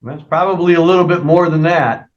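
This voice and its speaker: A man's voice: a little high, fairly quick, lo-fi sound. A male judge at a hearing, asking firm, probing questions.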